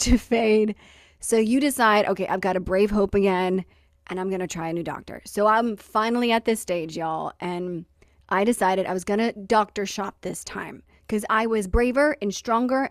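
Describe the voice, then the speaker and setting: A woman's voice: mid-range voice, no room sound, clean studio sound. A woman hosting a podcast, telling stories in a casual, wry way, acting out quotes and laughing along. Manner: lively, wry storytelling with acted-out quotes and laughter. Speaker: podcast host. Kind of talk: casual storytelling chat.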